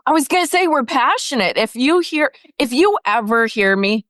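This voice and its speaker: A woman's voice: on the high side, animated, moderate pace, hardly any pauses, no echo, clean studio sound. Bubbly, enthusiastic woman host. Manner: bubbly, passionate, loud. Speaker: podcast host. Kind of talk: enthusiastic interview hosting.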